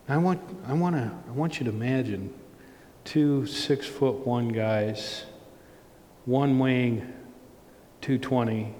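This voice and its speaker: A middle-aged man preaching, telling a personal story slowly and earnestly with frequent restarts. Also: mid-range voice, a little mellow. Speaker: pastor. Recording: long reverb, faint noise.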